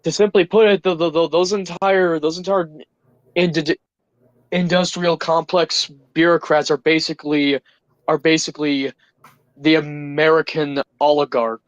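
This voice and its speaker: A man's voice: a little high, level tone, normal speed, dry recording, highs cut off. A man joining a livestream as a guest, agreeing and stammering in casual political chat.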